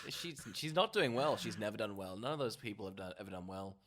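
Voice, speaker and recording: A man's voice: lowish voice, animated, fast, fairly bright tone. A man co-hosting a casual film podcast, rambling and trailing off with laughs. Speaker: podcast co-host.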